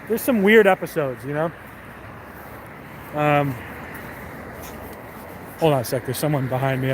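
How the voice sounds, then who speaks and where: Young male streamer, slightly high voice, rambling profane chat on a night walk, faint traffic behind. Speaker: live streamer. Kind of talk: casual chat to stream viewers. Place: city street at night, outdoors.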